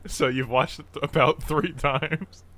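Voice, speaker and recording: A man's voice: on the high side, steady tone, unhurried. A man co-hosting a podcast who asks short, blunt questions. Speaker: podcast co-host. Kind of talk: casual podcast chat. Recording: loud background noise.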